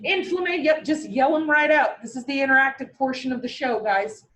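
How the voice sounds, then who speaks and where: A woman teaching a classroom lecture, lively, asking her students questions and answering them herself. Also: sits high, brisk, poor audio.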